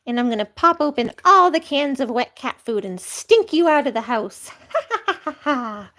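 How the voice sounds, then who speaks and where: A cocky baby kitten brags in a high, sing-song voice about being the cutest and eating everything, as a woman puts on a pet voice. He is tiny, greedy and full of giggles. He sounds like a playful pet character from a home vlog. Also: lively intonation, moderate pace, bright, forceful tone. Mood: boastful.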